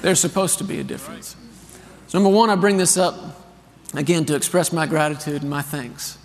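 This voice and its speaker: A man's voice: a little high, fairly quick, long reverb tail. A man in his thirties preaching a sermon, telling a story and calling on the congregation to answer back. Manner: storytelling, animated and earnest, calls for responses. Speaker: pastor. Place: large church hall.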